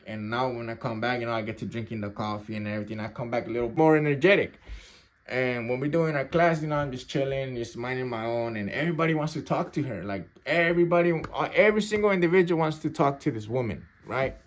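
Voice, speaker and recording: Casual male storyteller, ex-inmate, profane, slangy, constant verbal fillers, mid-pitched voice. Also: fast talker. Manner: loose, slangy, peppered with "like" and "right?". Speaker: former prisoner telling his story.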